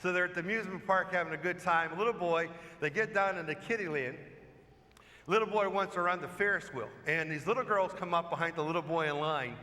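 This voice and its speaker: A man's voice: high-pitched, quick pace, pushed and bright. A man, a parish priest, giving a sermon in a conversational storytelling way, asking the congregation questions. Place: church. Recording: long church reverb.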